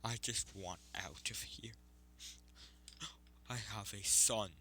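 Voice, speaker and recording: Guy doing a giant fox monster dad, desperate, whispery then yelling, kinda slow. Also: fairly low pitch, a little hiss or hum. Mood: pleading. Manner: pleading, swings between whispers and shouts. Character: huge male nine-tailed fox beast, grieving desperate father.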